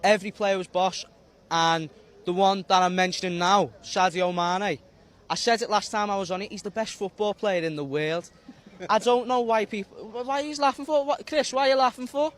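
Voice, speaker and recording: A man's voice: high voice, normal speed, fairly bright tone. A man with a Liverpool accent, talking emphatically as a football fan in a street interview and insisting he is serious.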